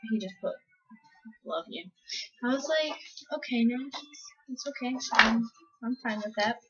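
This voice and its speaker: A teenage girl chats to the camera in a casual, rambling way, her voice sitting a little high. She keeps adding "like" and "um" and acts out what people said. The audio is slightly dull and lo-fi. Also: measured pace, very noisy. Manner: chatty, lots of "like" and "um", acts out quotes. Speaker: vlogger. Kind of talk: casual storytelling.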